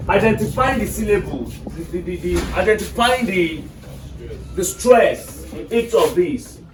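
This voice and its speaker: A male teacher giving an English lesson to a class, often checking that his students are following. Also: a little high. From Nigeria. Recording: echoey room, mic far off.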